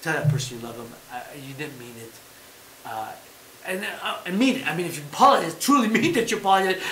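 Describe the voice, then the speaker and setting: A man hosting a casual chat show, talking in an animated, emphatic way and repeating his points. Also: fairly high pitch, fast, echoey room, a little hiss or hum, rough recording. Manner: talks about having been a fighter. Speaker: podcast host.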